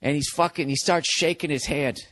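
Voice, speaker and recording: A man's voice: a little high, fairly even intonation, a little fast, fairly bright tone. Profane rambling man telling a story. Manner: profane, self-interrupting, acts out other people's voices. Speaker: podcast host. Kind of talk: rambling comic storytelling monologue.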